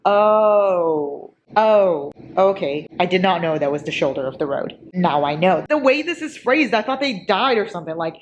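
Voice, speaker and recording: A woman's voice: on the low side, moderate pace, highs cut off, a little hiss or hum. Giggly woman in her twenties. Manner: chatty, giggly, excitable. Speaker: book vlogger. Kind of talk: casual reading vlog.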